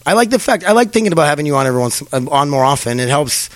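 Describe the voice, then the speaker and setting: A man's voice: a little high, very animated, racing, a bit bright, dry recording. A young man hosting a podcast in a rambling casual chat, swearing and laughing as he talks. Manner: rambling, profane, laughs often. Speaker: podcast host.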